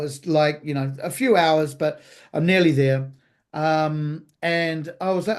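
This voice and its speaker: A man's voice: fairly high pitch, fairly quick. A man from New Zealand, a chef guest on a podcast, telling a story casually with profanity and acted-out dialogue. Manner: animated, profane, acts out quoted dialogue.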